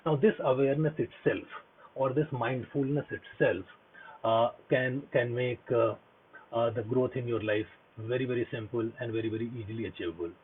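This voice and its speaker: A man delivers an earnest motivational talk about mindfulness, repeating himself with lots of fillers and restarts. His husky, mid-range voice moves at a moderate pace over a tinny, phone-like line with slight background noise.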